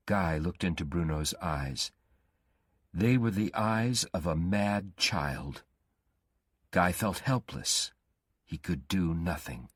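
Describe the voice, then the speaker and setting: A male storyteller narrating a graded-reader story slowly and carefully. His voice is deep and husky, with a lively rise and fall. The recording is close and dry. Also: no echo. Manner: slow, careful reading.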